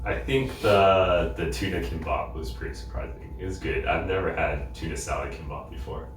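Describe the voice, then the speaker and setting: A soft-spoken man with a very low voice calmly shares his favorite dishes in a casual food review. He is picked up from a distance in an echoey restaurant, with a faint rumble behind. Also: normal speed. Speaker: co-host. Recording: echoey room, mic far off, faint rumble.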